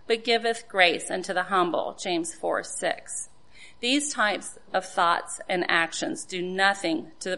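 A woman's voice: medium pitch, sharp tone. A woman giving an earnest sermon to other women, asking rhetorical questions and citing scripture. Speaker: women's devotional speaker.

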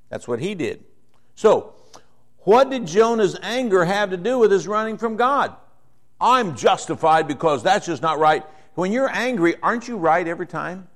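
Middle-aged male pastor, slightly high voice, talky sermon delivery that turns animated when he quotes people. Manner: conversational, rising to animated when voicing characters.

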